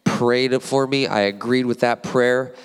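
A man in his forties delivers a passionate sermon from a church platform, swinging between tender moments and animated emphasis. His voice sits at an ordinary middle pitch and rings out with the long reverb of the sanctuary. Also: measured pace, clean tone. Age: 40s. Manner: emotional, animated preaching with asides to the congregation. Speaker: guest preacher.

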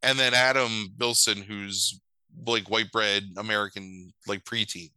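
A man hosting a podcast who recaps a movie in a sarcastic, profane, animated way. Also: fairly low pitch, unhurried, clean tone, no room sound, rough recording.

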